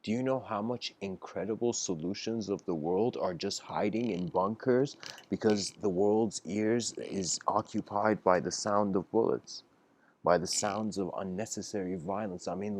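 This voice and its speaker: A man's voice: fairly low pitch, a little slow, darkish tone. A man giving a casual storytelling lecture, laughing often, acting out his characters' lines, and talking with plenty of fillers and restarts. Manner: acts out characters' lines in quoted voices.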